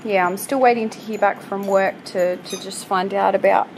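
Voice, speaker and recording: A woman in her late twenties talks plainly and a little haltingly about her recovery, at a middle pitch, filling gaps with "you know" and "um". She speaks from her home, with faint room noise under her voice. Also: steady tone, low-quality recording. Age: 20s. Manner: candid, hesitant, many "you know" fillers. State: recovering from hip surgery, on crutches. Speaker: vlogger giving a recovery update. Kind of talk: casual personal update. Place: at home with pets nearby.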